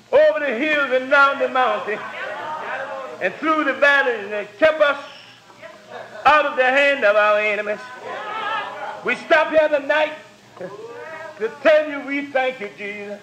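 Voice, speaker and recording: High-voiced preacher. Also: male voice. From Mississippi. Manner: rhythmic repetitive preaching that swells into shouts. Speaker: pastor. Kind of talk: sermon prayer. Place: church with congregation. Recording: roomy church with crowd noise.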